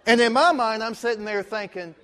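A man preaching from the pulpit as a pastor, telling a story in a lively way and acting out the dialogue. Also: high voice, a little fast. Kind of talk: storytelling sermon. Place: church sanctuary. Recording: long reverb of a large hall.

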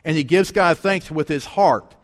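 Folksy preacher in reverberant church. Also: male voice, fairly high pitch, moderate pace. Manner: folksy and conversational, with rhetorical questions. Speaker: pastor. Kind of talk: storytelling sermon. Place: church sanctuary. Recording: long church hall reverb.

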